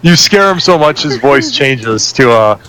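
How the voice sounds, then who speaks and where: A man's voice: medium pitch, animated, unhurried, a crowd in the background, poor audio. A man running a tabletop game as game master, joking and breaking off mid-sentence. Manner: joking, laughs, self-interrupting.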